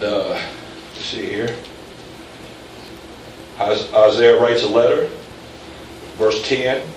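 A man's voice: mid-range voice, a little hiss or hum. A man preaching a sermon to his congregation, chatty one moment and emphatic the next, quizzing the listeners as he goes. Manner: conversational, rising to emphatic peaks, quizzing the congregation. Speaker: pastor. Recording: echoey room, from far off, faint ambience.

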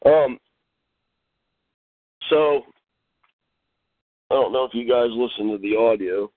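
A middle-aged man hosting a call-in show, teaching a Bible lesson while getting over a cold, pausing often to clear his throat. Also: on the low side, dry recording. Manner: halting, frequent throat-clearing and fillers. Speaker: host. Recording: dry, tinny phone line.

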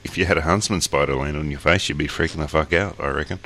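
Man, Australian accent, very deep, gravelly, casual podcast chat, joking and profane, remote call mic. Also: fast, pushed and bright. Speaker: podcast co-host.

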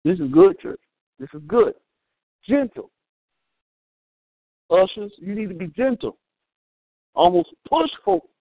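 A man preaches with a bright, high voice that leaps up and down in pitch. He jokes and calls out to the congregation as he goes. The sound is thin and phone-like, with no room echo. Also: takes it slowly, creaky, pauses often. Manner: animated, humorous preaching with call-outs to the congregation. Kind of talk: sermon.

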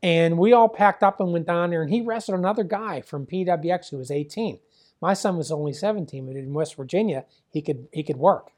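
An older man from the Pittsburgh area tells a long family story in an interview. He rambles and keeps reporting back-and-forth dialogue with "he goes" and "I says." He sounds like a plainspoken father remembering things out loud. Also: a little high, a little fast. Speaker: former wrestling promoter and father.

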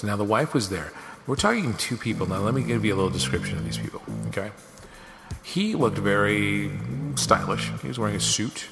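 A low-voiced man hosts his podcast from his office, telling a story in an animated, casual way. He acts out other people's lines as he goes. The room has a long ringing reverb, and music plays clearly underneath. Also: fairly quick. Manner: animated, acts out quoted dialogue. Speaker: podcast host. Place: home office studio.

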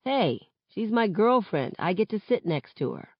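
A woman's voice: mid-range voice, sing-song, unhurried, breathy edge, no echo, pitched above the performer's own voice. A woman reading the part of a friendly, cheerful teenage boy, on a dull lo-fi recording.

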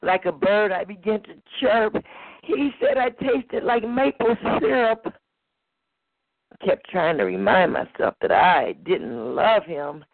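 Woman at an open mic, gravelly, measured rhythmic poetry, phone-like audio. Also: mid-range voice, big pitch swings, no echo. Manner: slow, rhythmic, rhyming delivery. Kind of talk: spoken word poetry performance. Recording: tinny phone-like recording.

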